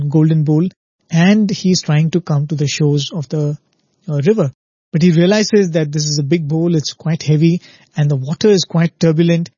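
A man's voice: on the high side, dark tone, slightly rough, no room sound, muffled recording. A man giving a spiritual talk who tells a parable, explains at length and often checks in with listeners by asking "right?". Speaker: spiritual speaker.

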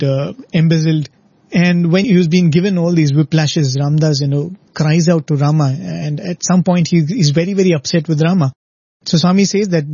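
Man, devotional talk, slightly high voice, mellow and husky, dull dry recording. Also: no echo. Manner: earnest, reflective, frequent tag questions. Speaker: devotional speaker.

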